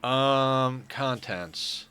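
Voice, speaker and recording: Man, game stream commentary, sharp bright voice, rambling, chatty, casual swearing. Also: medium pitch, extremely slow, clear, resonant tone. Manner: rambling, loose and chatty, swears now and then. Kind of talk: casual let's-play commentary.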